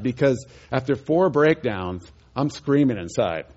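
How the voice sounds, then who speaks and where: Animated man telling a sermon story. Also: mid-range voice, moderate pace, dull audio. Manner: animated, chuckling storyteller, voices the people in his story. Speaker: preacher telling a testimony.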